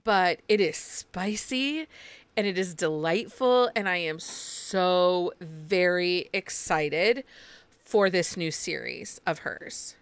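Smooth-voiced enthusiastic woman host. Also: on the low side, takes it slowly, no room sound. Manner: enthusiastic, gushing. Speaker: podcast host. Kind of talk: casual chat.

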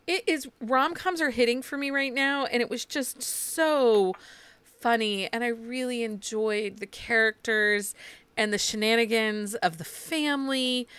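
A woman's voice: on the high side, a bit bright, clean tone, dry recording. A woman hosting a casual book chat podcast, gushing and enthusiastic. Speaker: podcast host.

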